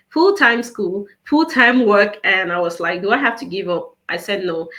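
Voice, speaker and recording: A woman from Cameroon sits as a guest in an interview and tells her personal story in an earnest, conversational way. Her pitch sits in the middle range, and she brings the story to life by acting out bits of dialogue. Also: bright, forceful tone.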